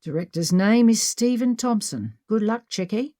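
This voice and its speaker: A woman's voice: mid-range voice, lively intonation, moderate pace, warm tone, voice pushed up, close to an everyday voice. A woman narrator voicing a confident, cocky tech helper speaking over an earpiece.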